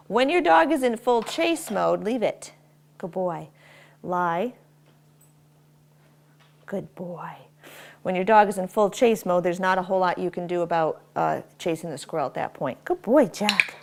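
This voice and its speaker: A woman's voice: medium pitch, creaky. A woman dog trainer explaining commands and praising her dog as she works him. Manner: praises the dog warmly and often in a bright raised voice. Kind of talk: instructional dog training demo. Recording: faint background noise with clicker clicks.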